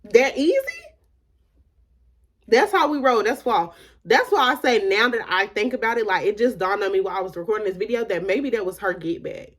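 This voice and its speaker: A woman's voice: mid-range voice, fast, a bit bright. A woman vlogger telling a casual storytime, emphatic and candid, filling her talk with "like" and retelling conversations. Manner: emphatic, repeats "like" often.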